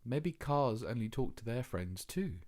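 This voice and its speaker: A man's voice: mid-range voice, animated, a little slow, darkish tone. Brief: curious young cat, earnest and eager, played by a male reader.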